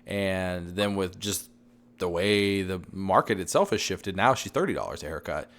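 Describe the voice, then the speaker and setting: Man in his 30s, deep voice, fading hoarse-ish voice, rambling casual talk, headset mic. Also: moderate pace. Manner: rambling, loud, says he is yelling and redlining. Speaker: podcast co-host. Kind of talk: casual chat.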